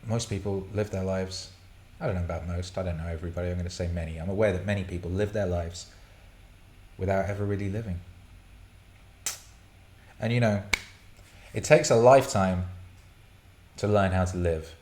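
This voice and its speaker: A man's voice: low voice, fairly even intonation, normal speed, pauses often, a little mellow, slight background noise. A man hosting a casual live stream, reading chat questions and rambling, swearing and laughing often. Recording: roomy echo.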